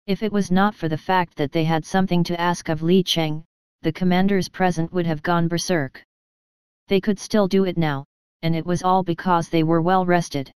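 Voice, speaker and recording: Crisp-voiced woman narrating an audiobook. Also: lowish voice, moderate pace, no room sound. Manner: steady, even storytelling. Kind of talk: scripted narration.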